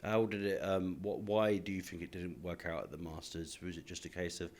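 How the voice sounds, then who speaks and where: A man's voice: sits low, steady tone, a little fast, a little mellow. A man interviewing a darts player at a stadium media day, chatty and jokey, calling him mate. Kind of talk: casual sports interview.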